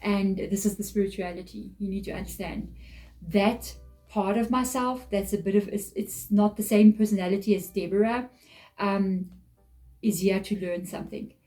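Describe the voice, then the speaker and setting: Woman, tarot reading to camera, warm mellow voice, emotional, earnest, repeats herself. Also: mid-range voice, steady tone, moderate pace, soft background music, poor audio. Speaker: tarot reader.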